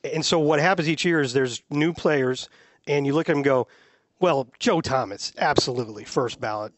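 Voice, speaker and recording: A man hosting a casual sports panel chat, opinionated and measured, laughing easily. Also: on the high side, no echo. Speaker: sports podcast host.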